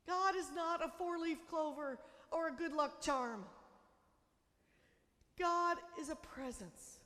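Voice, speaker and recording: High-voiced woman pastor preaching, reverberant church. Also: slow, pauses often. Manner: emphatic, dramatic shifts between loud declarations and soft intimate lines. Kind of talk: sermon. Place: church sanctuary.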